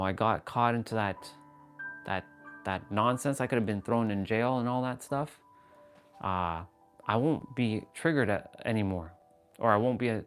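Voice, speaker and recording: A man hosting a fitness livestream, talking casually and frankly about feelings and self-growth, with swearing and many restarts. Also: lowish voice.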